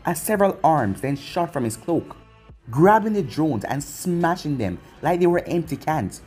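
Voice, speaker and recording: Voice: mid-range voice, mellow. A channel host reading fan fiction aloud in long, tumbling run-on sentences. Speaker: YouTube story narrator.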